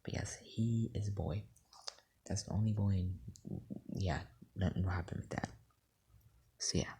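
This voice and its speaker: Hushed, gravelly near-whisper storyteller. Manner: talks low in a near whisper; rambling, many fillers and restarts. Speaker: fan storyteller. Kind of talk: casual fan-fiction storytelling. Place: home at night.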